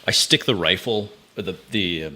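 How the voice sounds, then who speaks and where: A man's voice: deep voice, moderate pace, sharp tone. A man playing a tabletop role-playing game, describing his character's combat moves in a matter-of-fact way. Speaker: player.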